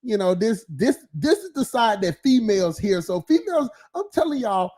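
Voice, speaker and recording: Stream host, male, high-pitched, loose profane ranting monologue, laughs a lot, heavy filler. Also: very animated, moderate pace, warm tone.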